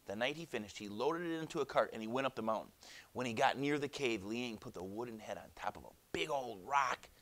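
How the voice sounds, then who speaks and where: Animated male teacher reading aloud. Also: mid-range voice. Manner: animated, chatty asides. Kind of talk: classroom read-aloud and lesson.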